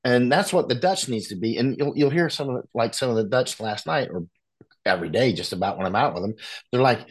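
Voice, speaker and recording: An American man, a war correspondent guest, talking bluntly in a casual conversation, with frequent restarts and animated asides. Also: medium pitch, a little fast. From United States.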